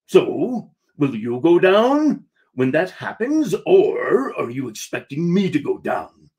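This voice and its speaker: A man voicing a gruff pirate who has gone soft, growling "ar" in a low, hushed pirate drawl. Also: huge pitch swings, takes it slowly, heavily acted. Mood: fretful.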